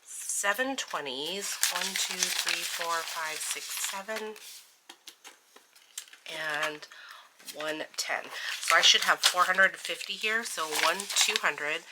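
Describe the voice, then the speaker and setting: A woman with a slightly low voice talks through her budget in a casual vlog, counting bills aloud and poking fun at her own slips. A loud background noise runs under the recording. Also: slow pace. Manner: chatty, self-deprecating, laughs at her own slips; steady murmured counting of bills. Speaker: budgeting vlogger.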